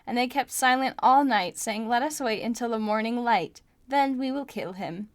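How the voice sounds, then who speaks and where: A woman's voice: a little high, normal speed, dry recording. A young woman hosting a podcast, reading scripture aloud and breaking off with wry, joking asides. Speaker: podcast host. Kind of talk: casual Bible study podcast, reading and commenting.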